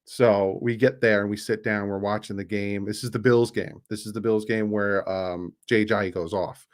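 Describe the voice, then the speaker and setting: Man, fairly low voice, casual live stream host, chatty and loose, reads donations and sponsor plugs. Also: fairly even intonation, moderate pace. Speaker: YouTube streamer and channel host.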